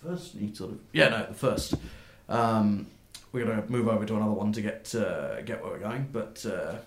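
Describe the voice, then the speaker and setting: A man narrating a tabletop game as game master, in a halting way, with many fillers and restarts. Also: fairly low pitch, slight background noise. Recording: roomy echo.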